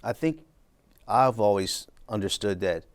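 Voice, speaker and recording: A middle-aged man from Brooklyn, an executive guest, telling his story in a measured, reflective way. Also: on the low side, expressive, clean tone. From Brooklyn, New York. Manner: measured, reflective, acts out quoted dialogue. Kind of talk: conversational storytelling.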